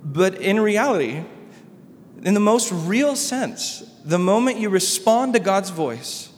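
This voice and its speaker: A male pastor preaching a sermon, swinging between loud emphatic lines and soft hushed ones. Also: high voice, sing-song, takes it slowly, big-room sound, a little hiss or hum.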